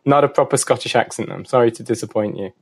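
A man's voice: medium pitch, fast, vocal fry, slightly rough. A man with a northern English accent, a guest on a podcast, modest and a bit hesitant, repeating words as he talks. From north of England. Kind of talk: casual interview talk.

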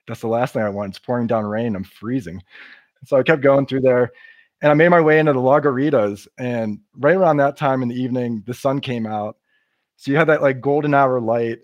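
A man's voice: medium pitch, no room sound, muffled recording. A man, a podcast guest, telling a hiking story in a casual, descriptive way. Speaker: guest, long-distance hiker.

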